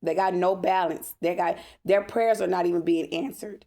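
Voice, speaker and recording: Woman, tarot reader, gravelly voice, blunt and emphatic, swears, keeps saying okay, spiritual reading vlog. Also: fairly low pitch, fairly even intonation, normal speed, mellow. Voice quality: emphatic, repeats "okay?" often.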